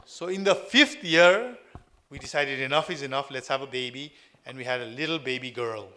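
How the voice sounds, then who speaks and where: A middle-aged man with a Nepali accent giving a lively storytelling speech to a live audience. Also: medium pitch, moderate pace. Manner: lively storytelling, mixing in acted quotes. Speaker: public speaker.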